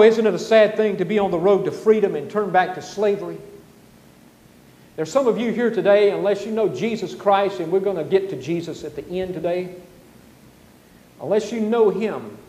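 A man preaching a sermon as pastor, animated, acting out the grumbling crowds. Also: high voice, echoey room, long reverb tail, poor audio. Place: church sanctuary.

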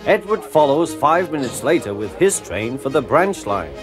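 Man narrating an expressive storybook. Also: medium pitch, normal speed. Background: background music.

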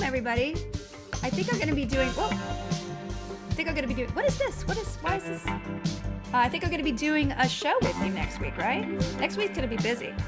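A woman live-streaming a video game in casual, chatty talk, scattered and reading viewer comments aloud as she goes. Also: on the high side.

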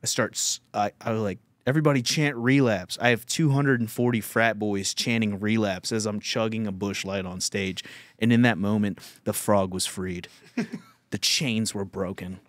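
A young man hosting a casual podcast chat, telling stories with lots of laughter and loud mimicry. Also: lowish voice, moderate pace, dry recording. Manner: animated storytelling, laughing, mimicking a friend in loud shouts. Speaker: podcast host and comedian.

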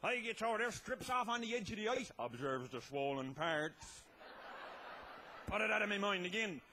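Shouting, laughing man, very high voice. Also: expressive, normal speed, a little hiss or hum. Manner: loud, laughing, often shouting. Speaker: comic storyteller. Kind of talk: tall-tale comedy monologue.

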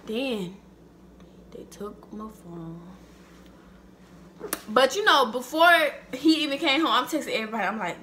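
A young woman in her late teens telling a dramatic storytime vlog in an animated, slangy way. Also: fairly high pitch, measured pace, long pauses, a little hiss or hum. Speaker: vlogger.

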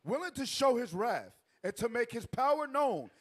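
A man's voice: very high voice, big pitch swings, normal speed, slightly rough. A man in a Bible class politely taking his turn to read scripture aloud. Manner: polite, answers yes sir. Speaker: student reader.

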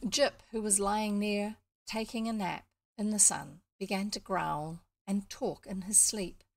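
A woman's voice: mid-range voice, fairly even intonation, unhurried, creaky. A woman with a New Zealand accent reading a children's book aloud, stopping for chatty, explanatory asides. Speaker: storybook reader.

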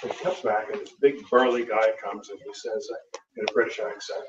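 A man's voice: on the low side, flat delivery, quick pace. An American man, a Catholic priest, giving a conference talk and telling a travel story with dry humor and plenty of "uh" fillers. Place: lecture hall. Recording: roomy, distant, dull lecture-hall recording with faint noise.

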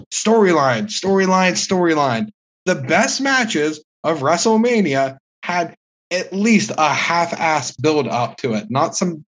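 A man's voice: fairly high pitch, highs cut off. A man co-hosting a casual podcast, giving blunt, ranting opinions and swearing freely. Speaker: podcast co-host. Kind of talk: casual podcast review chat.

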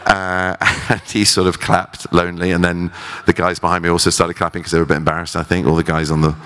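A man's voice: deep voice, level tone, fast, a bit bright, clear, resonant tone. A male actor talking as a guest at an on-stage interview, with frequent restarts and self-deprecating asides. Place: festival theater stage. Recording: long hall reverb.

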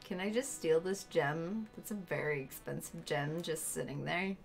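A woman's voice: low voice, moderate pace, gravelly, soft background music. A woman streaming herself playing a video game, chatting casually with viewers and friends in the room.

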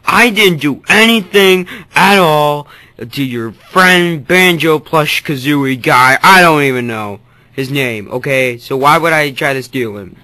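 A grumbling turtle-monster king who insists he is innocent, as a young man puts him on in a plush toy comedy skit. He drops lower than his usual voice and sounds exasperated. The recording is dry and close. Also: unhurried, sharp tone, dry recording. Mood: defensive. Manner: defensive, exasperated.

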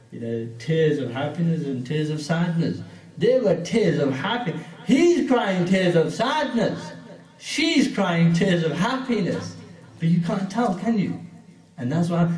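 A man's voice: fairly high pitch, warm tone. A man with a British accent giving an informal religious class, chatty and asking his listeners questions. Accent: British English. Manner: chatty, asks listeners questions, mixes in Urdu words. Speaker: mosque teacher. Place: mosque hall. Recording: echoey hall, mic at a distance.

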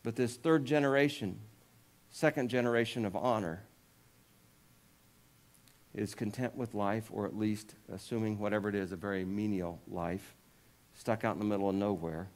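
A man's voice: fairly even intonation, moderate pace, long pauses, a little mellow. A male pastor preaching a sermon, retelling scripture in a casual storytelling way with jokes and asides, raising his voice when he quotes the people in the story. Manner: lifts pitch and volume when voicing quoted figures.

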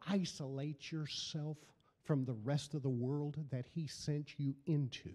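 A man's voice: a little high, fairly even intonation, a little slow, mellow, big-room sound. A middle-aged man preaching a sermon as pastor, building emphasis through repeated phrases. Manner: preaching with rising emphasis and repetition.

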